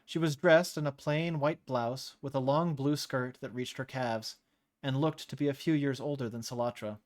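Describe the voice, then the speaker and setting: A man's voice: mid-range voice, steady tone, normal speed. A man hosting a live-streamed story reading, narrating casually and laughing off his slips.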